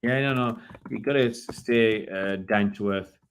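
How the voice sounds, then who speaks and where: A man's voice: lowish voice, unhurried, clean tone. A middle-aged man from England co-hosting a casual chat, rambling through jokey anecdotes with many restarts. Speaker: co-host.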